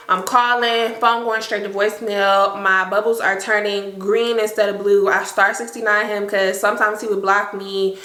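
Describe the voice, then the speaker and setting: Bright-voiced woman telling a storytime. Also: mid-range voice, moderate pace, echoey room, a little hiss or hum. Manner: animated, slangy, addresses viewers as y'all. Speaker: storytime vlogger. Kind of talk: casual storytime.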